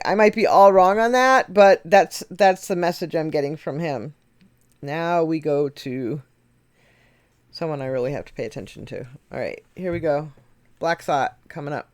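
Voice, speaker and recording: A woman's voice: sits low, darkish tone, dry recording. A woman hosting a music reaction video, thinking aloud, chuckling now and then and correcting herself as she talks. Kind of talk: casual reaction commentary. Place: home setup at a computer.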